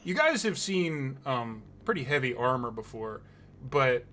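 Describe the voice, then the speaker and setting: A man runs a tabletop game as game master, narrating slowly and quietly with deliberate pauses. His mid-pitched voice sounds bright and clear. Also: big pitch swings, slight background noise. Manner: slow, hushed, deliberate narration.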